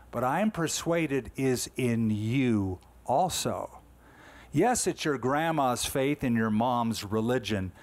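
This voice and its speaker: Emphatic man preaching a sermon. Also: medium pitch. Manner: emphatic, conversational preaching with rhetorical questions. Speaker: pastor.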